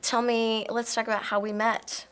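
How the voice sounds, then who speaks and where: A woman's voice: a little high, little pitch movement, normal speed, fairly bright tone, clean tone, soft background music. A woman hosting a casual interview, chatty and playful, with a slight lisp from a retainer. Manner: playful, chatty, mock-professional broadcast delivery. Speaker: interview host.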